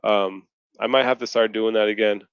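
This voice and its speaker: A frustrated man rants on a video call, swearing freely as he vents. His voice is smooth and clear at a middling pitch. The stream audio is dry and slightly dull. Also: steady tone, moderate pace, no room sound. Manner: profane, ranting, frustrated. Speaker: podcast co-host. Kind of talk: casual post-fight chat.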